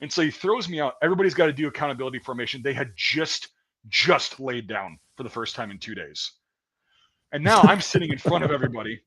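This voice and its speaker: A man's voice: mid-range voice, animated, fast, a bit bright, husky, poor audio. A man in casual chat, telling a long story in a rambling, profane way with many restarts. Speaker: guest storyteller.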